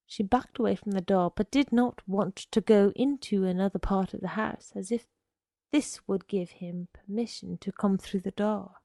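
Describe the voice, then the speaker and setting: Woman reading a story, gravelly, dry close sound. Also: medium pitch, dark tone, dry recording. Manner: measured, deliberate narration. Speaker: narrator.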